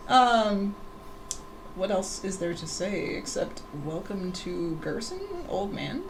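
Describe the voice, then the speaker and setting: A woman drawing fan art on a casual livestream, chatting with viewers in an excitable, giggly way. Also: medium pitch, slow, creaky, noisy background.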